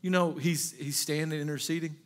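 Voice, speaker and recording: With a steady tone and brisk pace, a high-voiced male pastor gives an impassioned sermon. He swings from loud rhetorical questions to hushed asides, repeating phrases and restarting sentences.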